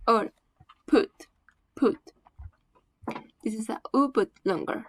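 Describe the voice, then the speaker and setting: A woman giving a slow classroom presentation on phonetics, saying each example word twice with careful deliberation. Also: fairly high pitch, steady tone, fairly bright tone, dry recording, rough recording.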